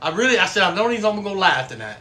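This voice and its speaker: A man's voice: high-pitched, very animated, rapid-fire, sharp tone. A middle-aged man hosting a casual livestream, folksy and swearing freely. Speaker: livestream host; coach.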